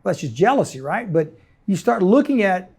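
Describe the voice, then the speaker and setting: A man's voice: high voice, big pitch swings, moderate pace, gravelly, a little mellow, husky. A middle-aged man from the United States, an entrepreneur telling his story intensely in an interview and acting out the people he quotes. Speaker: guest entrepreneur.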